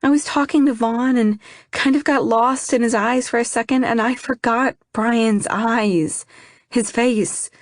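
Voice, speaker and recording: A woman's voice: a little high, steady tone, a little slow, no echo, studio quality, voice pushed up, close to an everyday voice. A woman reading an audiobook, voicing a grieving young heroine who speaks with emotional, pleading insistence. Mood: distressed.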